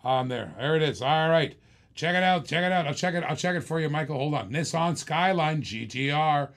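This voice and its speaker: A man hosting a live-stream auction, pitching items in a hyped, repetitive salesman patter. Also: fairly quick, a bit bright.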